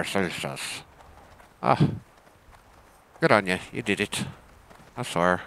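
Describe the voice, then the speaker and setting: Slow and creaky, this deep, slightly bright male voice has lively intonation. He's a gaming streamer giving casual commentary on his play in a jokey pirate style, throwing in "arr" and "I swear."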